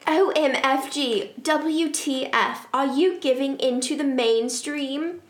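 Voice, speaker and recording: A woman's voice: high voice, steady tone, a little slow. A woman reading aloud the lines of a brash, swearing goth teen girl from a fan fiction. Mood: indignant. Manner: loud, swearing, indignant. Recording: roomy echo.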